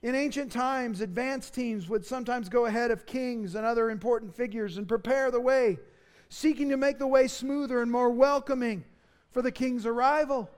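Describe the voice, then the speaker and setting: A pastor delivering a sermon in an earnest, emphatic way, with dramatic rises for key phrases. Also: male voice, very high-pitched, moderate pace, darkish tone, smooth.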